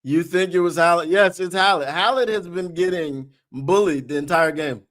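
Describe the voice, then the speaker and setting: A man hosting a live sports watch-party stream, often shouting and whooping with excitement and laughing. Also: fairly high pitch, moderate pace.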